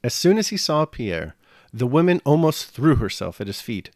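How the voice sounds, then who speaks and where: Male novel reader, mid pitch, measured storytelling, dry close sound. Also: big pitch swings, a little mellow, no room sound. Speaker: audiobook reader. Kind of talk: reading a classic novel aloud.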